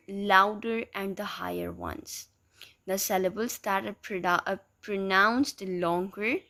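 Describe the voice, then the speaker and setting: Lady teacher talking slow and patient, says the example words over and over. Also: medium pitch, pushed and bright. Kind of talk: explanatory lesson.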